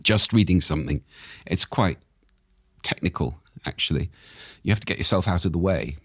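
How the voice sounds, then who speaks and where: A man, a speaking coach, explaining in conversation with lively, demonstrative intonation and a husky voice. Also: low-pitched, normal speed, no echo, studio quality.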